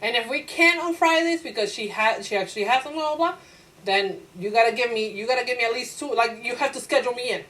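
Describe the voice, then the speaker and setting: A woman teacher lecturing a class, her voice sitting a little high. She talks with lively energy, slipping into quoted voices for her own thoughts and firing rhetorical questions at the room. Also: quick pace, low-quality recording. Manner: laughs easily, asks the class rhetorical questions.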